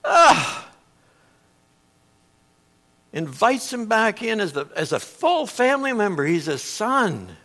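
A middle-aged male pastor delivers a sermon in a bright, forceful voice that sits high for a man. His pitch leaps around as he tells the story, and he swings between loud outbursts and near-hushed asides. The delivery is lively and conversational. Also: normal speed, few pauses. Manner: animated storytelling, acting out quotes with big swings in volume.

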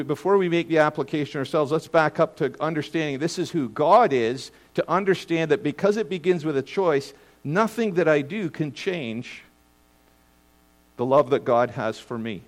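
A middle-aged man preaching a sermon as a pastor, earnest, often repeating words as he starts a phrase and slowing down to stress key points. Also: a little high.

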